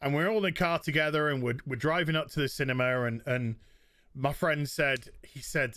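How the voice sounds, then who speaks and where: A man with a fairly high voice tells a story with lots of energy, swearing and restarting his sentences as he goes. The sound is dry and close, as on a podcast chat. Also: moderate pace, no room sound. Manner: animated storytelling, profane, many restarts. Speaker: podcast co-host. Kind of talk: casual chat.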